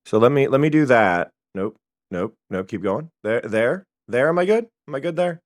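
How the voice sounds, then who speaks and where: A man's voice: mid-range voice, lively intonation, moderate pace. A man streaming live from home, chatting casually in a rambling way with many restarts.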